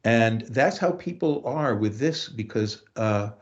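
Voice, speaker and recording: A man who teaches voice, talking through lessons and telling anecdotes in a relaxed interview. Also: fairly low pitch, slow, lo-fi sound. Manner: storytelling, acts out quotes, restarts often.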